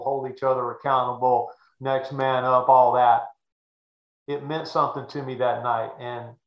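A man's voice: medium pitch, fairly bright tone. Older male broadcaster, folksy and earnest, with a dull, echoey room sound. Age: 60s. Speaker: guest, sports broadcaster. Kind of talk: anecdotal storytelling.

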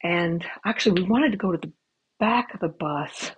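A woman's voice: lowish voice, lively intonation, normal speed, breathy edge. A woman hosting a podcast from home with her cats, telling chatty, rambling, profane stories into a headphone mic that cuts in and out, in a dull lo-fi recording. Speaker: podcast host. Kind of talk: casual storytelling. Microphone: headphone mic cutting in and out.

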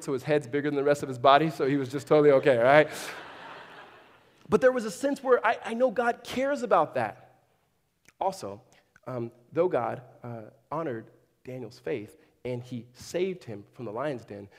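A man preaching a sermon to a congregation in a church, speaking conversationally and slipping in dry humorous asides. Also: mid-range voice. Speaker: pastor. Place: large church hall with a congregation. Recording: long reverb of a big hall.

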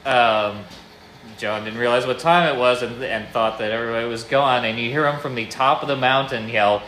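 A man's voice: mid-range voice, fairly even intonation, moderate pace, pushed and bright, slight background noise. A man co-hosting a podcast in a garage, telling a casual anecdote with laughs and swearing. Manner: laughing, loose anecdote with profanity. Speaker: podcast co-host. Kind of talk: casual storytelling. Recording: echoey garage, faint ambience.

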